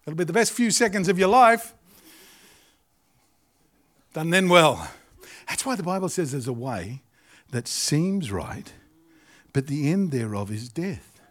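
A middle-aged man with an Australian accent preaching a sermon, animated and jokey, acting out little asides. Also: fairly high pitch, unhurried, long pauses. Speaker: pastor.

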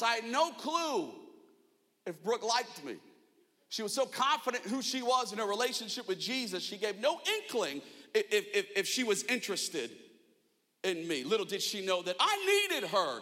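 High bright animated man preaching, hall reverb. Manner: animated, self-mocking storytelling with shouted asides. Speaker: pastor. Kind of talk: sermon storytelling.

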